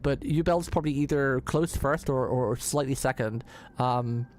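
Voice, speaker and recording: A man's voice: medium pitch, moderate pace, a little hiss or hum. A man streaming a game, chatting casually and rambling, repeating words and restarting his sentences often. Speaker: vtuber streamer. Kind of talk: casual live-stream commentary.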